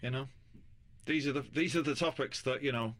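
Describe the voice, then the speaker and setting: A man in his forties talks through a casual interview with blunt, sardonic humour and freely dropped swear words. His voice sits at an ordinary middle pitch. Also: fairly quick, a bit bright. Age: 40s. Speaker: musician guest.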